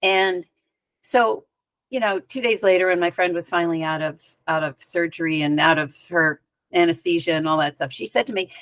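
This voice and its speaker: A woman guest in an interview, telling a personal story in a lively conversational way with casual asides. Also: fairly low pitch, moderate pace, no room sound. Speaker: spiritual teacher and guest.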